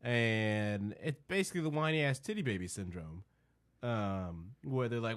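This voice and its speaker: A man's voice: on the low side, lively intonation, moderate pace, fairly bright tone. Profane man ranting in casual chat. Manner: profane, builds from mumbled musing to heated rant.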